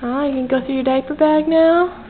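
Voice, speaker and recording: Mom doing high singsongy baby talk to her toddler, tinny home video w/ light hiss. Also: fairly even intonation, normal speed. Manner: sing-song coaxing baby talk. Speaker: mother filming her toddler. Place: home, indoors. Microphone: built-in camera mic. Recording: tinny lo-fi home camcorder audio with faint hiss.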